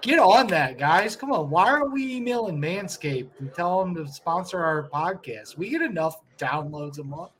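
A man's voice: fairly high pitch, lively intonation, moderate pace, few pauses, fairly bright tone. A young man co-hosting a casual podcast, laid-back and crude, swearing and saying "dude" a lot. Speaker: podcast co-host. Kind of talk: casual crude podcast chat while watching a film.

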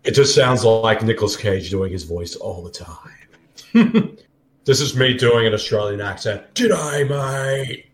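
A man's voice: on the low side, measured pace. A man co-hosting a casual movie commentary, joking and laughing often. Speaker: podcast co-host watching a film. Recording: roomy echo.

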